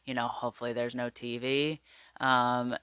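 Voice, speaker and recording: A man's voice: medium pitch, level tone, moderate pace, sharp tone, clean tone, no echo. A man vlogging casually to camera about wellness, rambling with lots of fillers and checking his notes. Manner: rambling, filler-heavy, chatty; glances at notes while talking.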